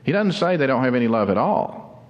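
A man delivers a sermon in an earnest, teaching manner, explaining the text patiently and stretching out key phrases for emphasis. His voice sits at an ordinary middle pitch. The sound carries the long reverb of a church hall. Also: big pitch swings, brisk, lo-fi sound. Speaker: pastor.

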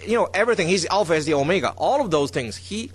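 Male Bible teacher, slightly higher voice, lively pitch, stresses key words, keeps checking in with the listeners. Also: fast talker, breathy edge.

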